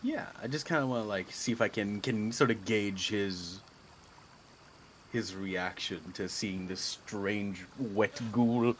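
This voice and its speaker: A man's voice: lowish voice, slow pace, a little hiss or hum. Chatty man playing a tabletop game. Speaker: player. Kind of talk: casual game chat.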